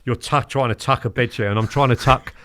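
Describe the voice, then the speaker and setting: A man in his fifties, telling stories as a podcast guest in a lively, chatty way, acting out what people said. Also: mid-range voice, brisk, slight background noise. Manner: animated, acts out quotes, keeps asking "do you know what I mean?". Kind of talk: casual storytelling interview.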